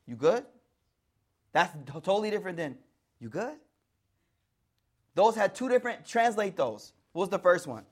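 An African American man from the United States giving a lively, conversational religious lecture, acting out voices to show tone. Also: high voice, fast talker, few pauses. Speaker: Islamic teacher.

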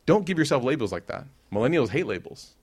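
A man's voice: medium pitch, sing-song, quick pace, slightly rough. A young man giving an informal sermon, talking casually with the crowd, then rising to emphatic peaks. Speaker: preacher.

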